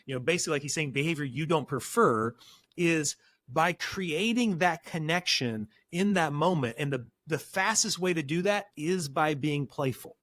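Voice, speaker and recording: A lively man with a somewhat high voice tells parenting stories on a podcast, slipping into little voices for the people in them. The sound is dry and close, with no room around him. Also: no echo. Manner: animated, acts out quotes in different voices. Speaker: parenting counselor guest. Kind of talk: podcast interview, storytelling.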